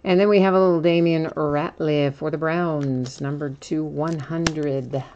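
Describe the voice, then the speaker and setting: A woman's voice: low-pitched, steady tone, a little slow, muffled recording, noisy background. A woman hosting a live card-breaking stream, chatting casually and laughing often as she reads out each card.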